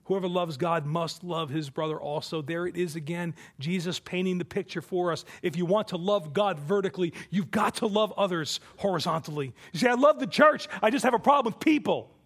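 A man preaching a sermon from the pulpit, emphatic, his voice swelling for quoted scripture and dropping low and soft on key points. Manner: emphatic preaching, rising and falling in volume. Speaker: pastor.

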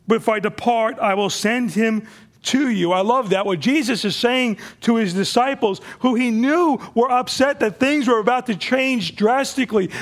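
Male pastor, high gravelly voice, casual teaching sermon. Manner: conversational preaching with repeated restarts.

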